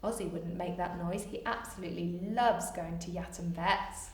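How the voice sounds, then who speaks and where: A woman reading a picture book aloud to children, with animated, coaxing asides that invite them to join in, recorded in an echoey room. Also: mid-range voice, slow pace, far from the mic. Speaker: storyteller for children.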